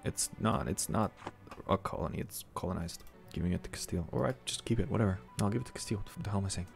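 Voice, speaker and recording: Gravelly low-voiced man playing a game. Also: quick pace, soft background music. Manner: talks to himself, excitable outbursts. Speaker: strategy game let's-player. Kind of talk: casual gameplay commentary.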